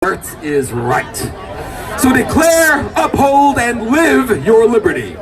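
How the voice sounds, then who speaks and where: A man's voice: very high voice, huge pitch swings, slow. Impassioned man speaking at a street rally. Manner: impassioned, rising to shouts. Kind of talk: speech to an outdoor crowd. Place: outdoor city rally. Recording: distant livestream mic with crowd behind.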